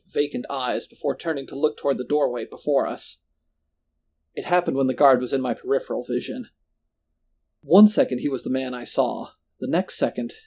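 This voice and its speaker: A man's voice: mid-range voice, darkish tone. Man narrating a horror story.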